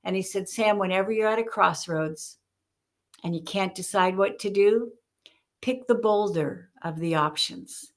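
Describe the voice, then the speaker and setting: A woman author, a guest on a podcast, telling stories in an animated way and acting out the voices in her stories. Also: mid-range voice, measured pace. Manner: animated storyteller, acts out quotes. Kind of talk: podcast interview storytelling.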